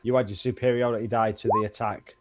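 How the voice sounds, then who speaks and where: A man's voice: on the low side, flat delivery, fast talker. A man playing a tabletop game, who jokes and patiently explains the rules. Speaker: player.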